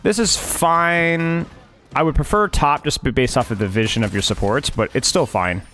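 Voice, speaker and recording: A man's voice: medium pitch, animated, fairly quick, a bit bright, faint music behind. A man coaching a player through a gameplay replay, emphatic and often repeating his points several times. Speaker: game coach.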